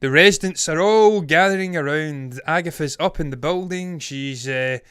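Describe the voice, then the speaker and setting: A male co-host with a smooth, clear voice that sits a bit high for a man. He is chatty, laughs easily, and sounds close and dry on the mic. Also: normal speed, fairly bright tone, no room sound. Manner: chatty, laughs easily, reads quotes aloud. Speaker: podcast co-host. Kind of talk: casual film review chat.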